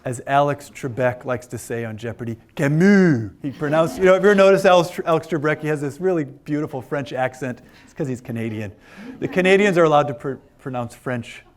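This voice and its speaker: A man's voice: a little high, quick pace. A man giving an informal philosophy lecture to a class of older adults, chatty and joking with frequent fillers. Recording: lecture room.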